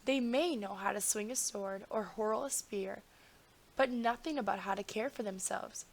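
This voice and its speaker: A woman's voice: mid-range voice, normal speed, creaky. A woman reading a storybook, playing a weary, sleepless old king with a grand, drowsy manner. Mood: solemn.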